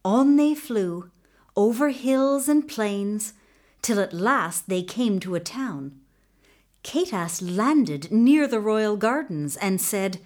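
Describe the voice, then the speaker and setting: Slow, expressive woman storyteller. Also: mid-range voice. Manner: expressive, deliberate narration. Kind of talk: folktale storytelling.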